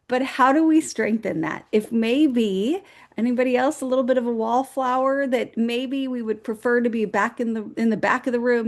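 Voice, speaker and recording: A woman's voice: a little high, a little mellow. A woman co-hosting a motivational show, giving upbeat, encouraging advice as numbered points. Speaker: co-host. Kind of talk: motivational talk.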